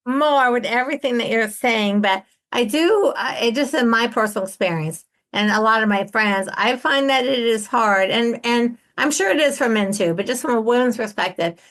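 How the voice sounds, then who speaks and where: A woman's voice: fairly high pitch, moderate pace, hardly any pauses. A woman in her sixties hosting a podcast interview, talking emphatically and acting out what other people say. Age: 60s. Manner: animated, acts out other people's lines. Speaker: podcast host. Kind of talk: casual interview chat.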